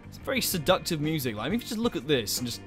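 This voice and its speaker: A young man runs a let's play with an animated, joking delivery full of swearing. His voice sits a bit high and swings widely in pitch. Game music plays clearly underneath. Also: rapid-fire. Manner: animated, jokey, swears a lot. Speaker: gaming channel host.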